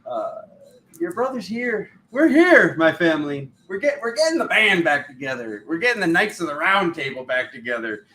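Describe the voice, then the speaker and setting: Excitable, lively-voiced male streamer. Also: fairly high pitch, moderate pace, slight background noise. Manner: animated, excitable, laughs often, greets viewers by name. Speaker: spiritual livestream host. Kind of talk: casual livestream chat.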